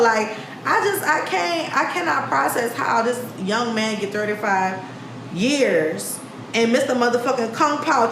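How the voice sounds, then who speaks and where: A woman's voice: high voice, fairly bright tone, reverberant, slight background noise. A woman hosting a podcast livestream, ranting bluntly and profanely about the news. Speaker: podcast host. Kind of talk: casual livestream commentary.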